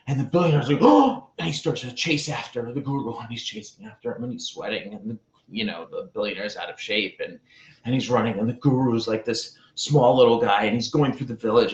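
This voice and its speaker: A man who is a relationship coach, telling a parable and giving advice in a deliberate way, with pauses and repeated phrases. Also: medium pitch. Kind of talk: storytelling advice talk. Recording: roomy, slightly dull sound.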